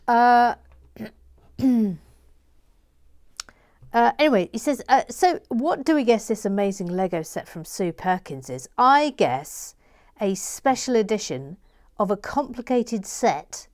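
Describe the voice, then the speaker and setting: A chatty woman reads viewer comments aloud while building, laughing easily between lines. Her voice sits a little high. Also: expressive, slow pace, pauses often, a little mellow. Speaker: Lego building vlogger reading chat. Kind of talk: casual chat while building.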